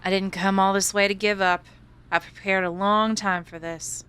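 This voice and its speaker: A woman reading the lines of a male investigator in a horror game, in her own plain voice, earnest and steady. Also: mid-range voice, moderate pace, smooth, lightly acted.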